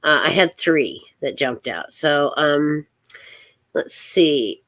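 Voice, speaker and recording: Hosting an informal live tarot session, a middle-aged woman speaks in a deep, animated voice. Her talk is rambling and halting, peppered with fillers and gentle laughter.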